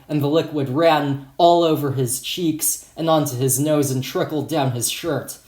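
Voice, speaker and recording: A man reads an audiobook chapter in a mid-pitched voice, telling the story casually with blunt profanity. The recording has a noticeably echoey room sound. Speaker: audiobook narrator. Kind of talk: audiobook reading.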